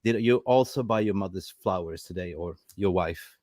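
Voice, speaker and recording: A man's voice: deep voice, moderate pace, a little mellow, no room sound, studio quality. A man hosting a live football show, upbeat and introducing his panel. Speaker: host.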